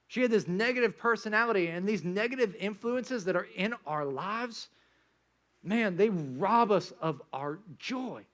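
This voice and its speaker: A male pastor delivering a sermon in a loose, joking storytelling way, often restarting his sentences. His voice sits high and sounds bright.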